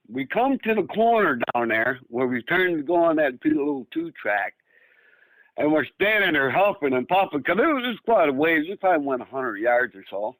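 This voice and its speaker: A man's voice: fairly high pitch, sing-song, moderate pace, fairly bright tone, dry recording, low-quality recording. A man of about sixty from Northern Michigan, telling a long story as a guest in a rambling, casual way with many restarts. He acts out the lines of the people in his story. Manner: rambling, full of restarts, acts out quoted speech.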